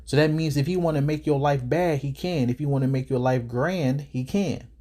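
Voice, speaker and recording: A man's voice: mid-range voice, normal speed, mellow. Breathless man preaching scripture. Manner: preachy, quotes scripture at length; casual street talk. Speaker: scripture commentator reacting to a clip. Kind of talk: religious reaction commentary.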